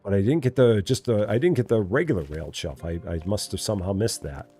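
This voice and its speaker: Low-voiced man chatting over gameplay, lively pitch. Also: fast. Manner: talks to himself, chatty, reads viewer chat aloud. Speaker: game streamer. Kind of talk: casual live gameplay commentary.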